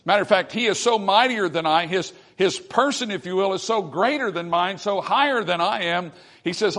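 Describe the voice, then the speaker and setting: A male pastor preaching a sermon, reading scripture slowly and building to emphatic, forceful peaks. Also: high-pitched. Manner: reads scripture aloud slowly. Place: church.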